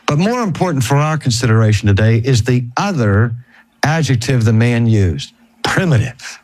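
Male preacher-teacher, animated storyteller, wide-ranging voice, dry close sound. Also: mid-range voice, no room sound. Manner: emphatic, animated storytelling with slowed, stressed phrases. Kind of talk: storytelling sermon.

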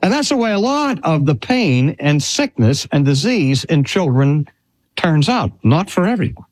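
An older man preaching a sermon in a slow, earnest way with drawn-out emphasis. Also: fairly high pitch, big pitch swings, a little mellow. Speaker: pastor.

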